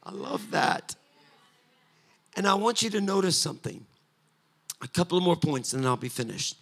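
A man preaching a sermon, moving between quiet, conversational asides and loud, sing-song exhortation. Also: high-pitched, animated, moderate pace, gravelly. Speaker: pastor. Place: church sanctuary.

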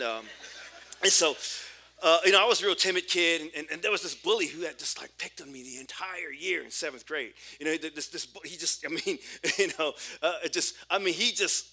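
A pastor in his forties preaches with a high, strikingly bright and ringing voice. He tells a personal story with animated energy, stumbling through restarts as he goes. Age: 40s.

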